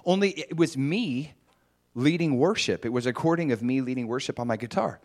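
Man preacher, animated casual storytelling sermon. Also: medium pitch, fairly quick. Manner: lively, animated retelling with many fillers.

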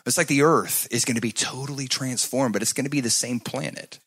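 A man preaching a sermon, moving from loud, emphatic passages to soft, hushed asides and asking the congregation to answer back. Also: mid-range voice, a little fast, husky. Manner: talks to the congregation, asks them to answer back. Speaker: pastor.

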